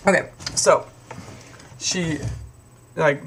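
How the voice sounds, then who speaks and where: A man's voice: mid-range voice, moderate pace, gravelly, fairly bright tone, slight background noise. A young man casually retelling a story in a rambling, profane way. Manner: rambling, profane, lots of fillers. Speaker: video host.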